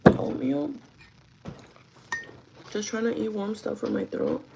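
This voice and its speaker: Young woman chatting on a phone stream while sick, super gravelly hoarse voice, slips into spanish. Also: wildly swooping pitch, slow, background noise. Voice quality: hoarse, deep for her. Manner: switches between English and Spanish. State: sick, losing her voice. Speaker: vlogger talking to live chat. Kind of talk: casual live-stream chat.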